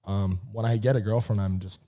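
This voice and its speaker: A man's voice: lowish voice, fairly even intonation, a little fast, mellow. A man from the Boston area, a podcast guest chatting casually in a laid-back, slangy, rambling way. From Boston area, USA.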